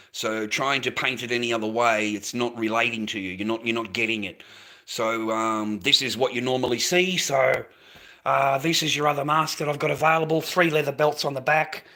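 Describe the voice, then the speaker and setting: A man's voice: medium pitch, pushed and bright. An Australian man talking casually to camera, ranting and swearing constantly. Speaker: vlogger selling handmade masks.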